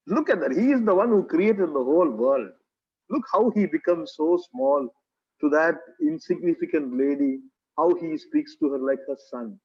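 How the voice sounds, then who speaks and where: Preaching to his church in a sing-song way at a normal speed, this pastor has a Kerala English accent and a high, husky voice. His sermon is earnest, full of repeated phrases and rhetorical questions aimed at the congregation, captured on a dull, lo-fi recording.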